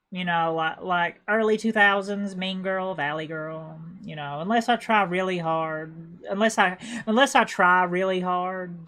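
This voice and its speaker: A woman's voice: fairly low pitch, a bit bright. A woman with an Appalachian accent from Appalachia, chatting casually on a livestream as a game streamer and rambling with stammered restarts and repeated words.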